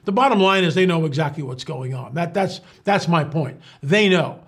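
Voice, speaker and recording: A man's voice: fairly high pitch, animated, moderate pace, vocal fry, few pauses, breathy edge. A man hosting his show, talking in a sarcastic, incredulous monologue with many fillers and restarts. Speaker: show host. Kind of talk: casual commentary monologue.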